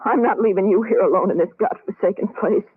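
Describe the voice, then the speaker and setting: A woman's voice: mid-range voice, fast talker, husky, no room sound, lightly acted. An actress playing a stubborn, insistent young woman in a 1940s radio drama. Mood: defiant. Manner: insistent, defiant. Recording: tinny old radio broadcast.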